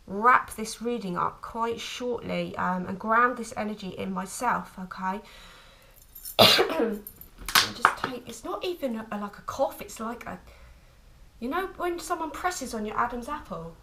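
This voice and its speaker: Lady doing a tarot reading to camera, soft and tender, keeps stopping and restarting. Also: medium pitch, gravelly, rough recording. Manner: tender, calls listener "my lovely"; halting, many restarts and fillers. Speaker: tarot reader.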